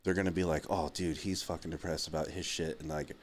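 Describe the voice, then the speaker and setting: A young man co-hosting a podcast, rambling and halting through his points in casual chat. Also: rumbling low, fairly even intonation, slight background noise. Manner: rambling, halting, many fillers and restarts. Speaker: podcast co-host.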